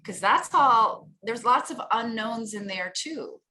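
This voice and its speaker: Bright, animated woman coaching on a call. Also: slow. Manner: animated, acts out inner voices with big pitch jumps. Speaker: speaking coach, guest. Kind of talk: casual video-call interview. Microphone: video call.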